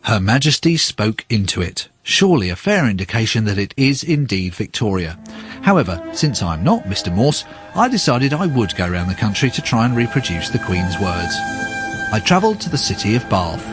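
A man's voice: lowish voice, sing-song, a little fast, music in the background. A man presenting a radio documentary in a wry, inquisitive way.

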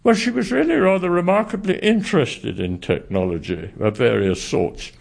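A man's voice: sits high, moderate pace, creaky. A man, a historian, answering interview questions in a thoughtful, formal, slightly hesitant way.

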